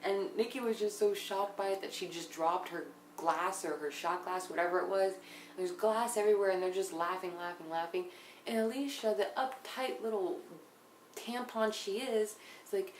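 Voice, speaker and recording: A young woman recapping a reality show in a blunt, casual way, swearing often and sometimes dropping into hushed asides. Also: mid-range voice, moderate pace. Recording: echoey room, faint background noise.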